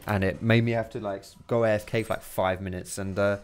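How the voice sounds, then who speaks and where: A young man giving casual, swearing gameplay commentary, chatty and quick to laugh. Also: fairly low pitch, steady tone. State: out of breath. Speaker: gaming commentator.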